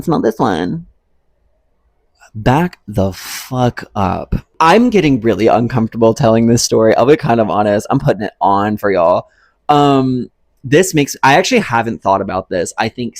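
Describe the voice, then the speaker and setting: A man's voice: fairly low pitch, creaky, no echo. A young adult man vlogging a casual storytime, rambling and profane, full of "like" and "um".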